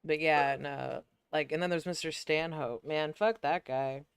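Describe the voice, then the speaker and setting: A young man from the United States tells a rambling story on a casual stream. His voice is smooth and clear, and he swears freely as he talks. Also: fairly high pitch, steady tone, a little slow, no echo. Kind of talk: casual chat.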